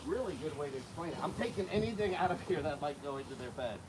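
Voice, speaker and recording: Fast-talking with a fairly high pitch, this alligator keeper and channel host feeds his animals outdoors in the wind, loud music playing behind his voice. His vlog talk is casual and animated as he coaxes and calls the gators, and the recording is noisy.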